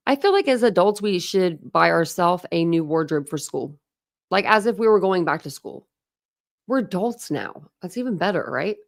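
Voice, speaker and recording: Host, young woman, low and gravelly, rambling livestream chat with viewers. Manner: rambling, chatty, many "like"s and restarts. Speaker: true crime channel host.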